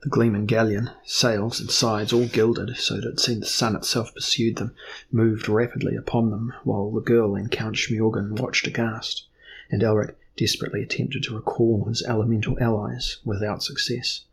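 A man narrating a fantasy novel as an audiobook in a measured, even storytelling manner. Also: fairly low pitch, gravelly, a little hiss or hum.

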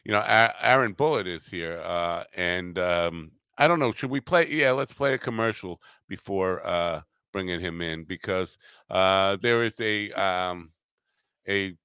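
A man hosts a casual podcast chat, stopping and restarting with lots of fillers. His voice is low and smooth. The sound is dry and close. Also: pushed and bright, dry recording. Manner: halting, many fillers and restarts. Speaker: podcast host.

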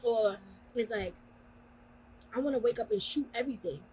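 A woman's voice: a little high, moderate pace, darkish tone, breathy edge. A young woman co-hosting a podcast in casual chat, talking bluntly and emphatically with lots of slang. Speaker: podcast co-host.

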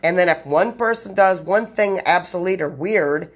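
A rambling woman host talks straight to her listeners on her own podcast, piling run-on sentences on top of each other. Her voice sits a little low, and she swears freely and bluntly. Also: moderate pace, a little hiss or hum. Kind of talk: rambling solo podcast monologue.

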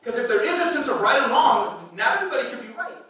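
A man in his thirties preaches in a playful, chatty way, tossing rhetorical questions at his listeners. His voice sits very high and bright. It rings through a large echoing hall, heard from a step back from the mic. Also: big pitch swings, fast, far from the mic. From Hispanic background. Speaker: pastor. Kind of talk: sermon. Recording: echoey hall, speaker off-mic.

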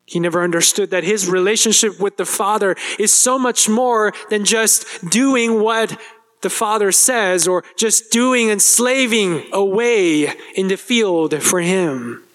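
A man preaching a sermon as pastor, speaking straight to the congregation and acting out a character's complaint with a rising voice. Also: a little slow. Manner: animated, acts out the older brother's complaint with rising pitch; addresses the congregation directly, asks questions.

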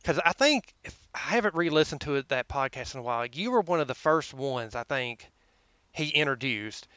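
A man with a Southern American drawl, chatting as a podcast guest in a slow, friendly way. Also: fairly high pitch, sharp tone, clear, resonant tone, no room sound, highs cut off. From Southern United States. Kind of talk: casual podcast chat.

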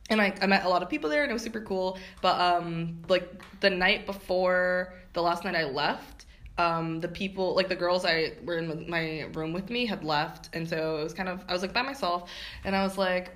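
Young woman podcast co-host, low-ish voice, casual rambling story, filler-heavy. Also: a little fast, a bit bright. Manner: laughing storyteller, many "like" and "um" fillers. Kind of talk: casual chat.

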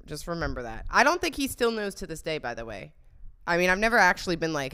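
A young woman hosts a casual podcast, chatting candidly and laughing often. Her voice is smooth and clear, and it bounces around a lot in pitch as she goes. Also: sing-song, fast, fairly bright tone. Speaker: podcast host. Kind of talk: casual confessional storytelling.

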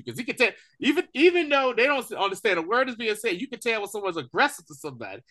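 He has a brisk, high-sitting voice and co-hosts a podcast reviewing TV. Recapping casually, he narrates scenes with animated energy and slang, putting on the characters' lines.

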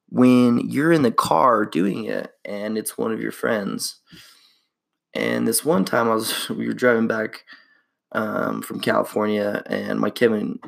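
A man's voice: fairly low pitch, vocal fry. A young man hosting his own podcast, rambling in an upbeat, slangy way. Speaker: podcast host. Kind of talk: casual solo podcast chat.

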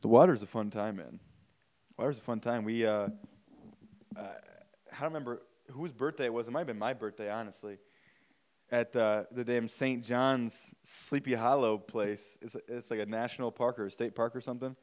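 A man's voice: medium pitch, moderate pace, a little mellow. A man, hosting a podcast and telling a story casually and animatedly, swearing and saying "like" and "man" a lot. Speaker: podcast host.

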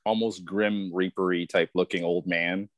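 A man co-hosting a podcast in casual chat, explaining things at length and breaking into excited laughter. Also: normal speed, no echo. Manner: laughing, bursts into high excited yelps. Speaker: podcast co-host.

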